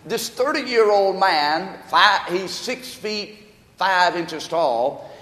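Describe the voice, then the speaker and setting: Male pastor, impassioned sermon delivery, high and animated, long hall reverb. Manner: impassioned preaching, swings between hushed and shouting.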